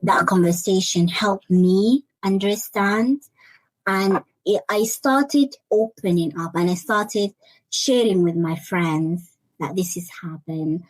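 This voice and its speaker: A woman's voice: mid-range voice, no room sound, rough recording. Earnest woman, dry close sound. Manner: earnest, halting, repeats words as she searches for them. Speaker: interview guest, life coach. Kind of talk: personal testimony in conversation.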